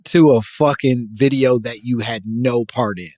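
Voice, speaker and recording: A man's voice: medium pitch, steady tone, measured pace, a little mellow, no echo. A man co-hosting a podcast, reading a listener email and joking profanely, laughing often. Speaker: podcast co-host. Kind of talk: casual podcast banter.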